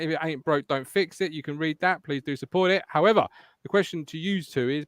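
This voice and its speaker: A man hosting a casual football podcast, reading out listener comments and teasing his co-hosts in an animated way. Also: on the high side, no echo. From England. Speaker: podcast host.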